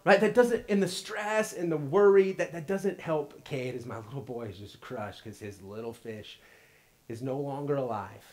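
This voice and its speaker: A man in his thirties giving a sermon in a church. He tells a family story in an earnest way, often repeats his first words, and swings between loud and hushed. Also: medium pitch, normal speed, low-quality recording. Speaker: pastor. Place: church sanctuary.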